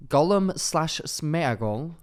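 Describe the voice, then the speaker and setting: A young man co-hosting a podcast in excitable, jokey casual chat. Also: a little high. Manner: excitable, jokey, quick to exclaim. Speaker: podcast co-host.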